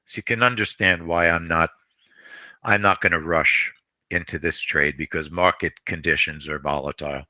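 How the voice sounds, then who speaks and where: A man hosting a live trading stream, talking traders through a trade in a rambling way, repeating himself and often clearing his throat. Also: low voice, bright, forceful tone, no echo.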